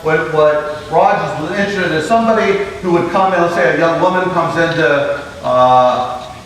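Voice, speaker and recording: A man's voice: fairly high pitch, moderate pace, a little hiss or hum. A male university lecturer giving a conversational classroom lecture, checking in with "right?" and acting out examples. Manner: conversational, frequent "right?" checks, acts out quoted patients. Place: large lecture hall. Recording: echoey lecture hall, mic far off.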